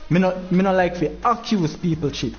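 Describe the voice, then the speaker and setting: A Jamaican man with a voice pitched a little high runs a game tournament stream. He rants in thick patois, frustrated and preachy. The sound is dull and lo-fi with faint music underneath. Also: brisk. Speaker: livestream tournament host. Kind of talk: livestream talk to viewers.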